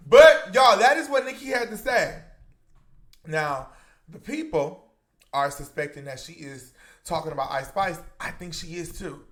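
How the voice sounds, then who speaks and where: A man hosts a celebrity gossip commentary video, talking straight to his viewers. He is chatty and emphatic and keeps calling them "y'all." His voice sits high for a man. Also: lively intonation, a little slow, fairly bright tone. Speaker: commentary YouTuber.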